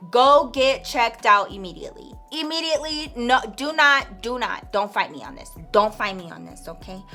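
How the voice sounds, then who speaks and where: A woman YouTuber telling a storytime vlog in an animated, emphatic, chatty way. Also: high voice.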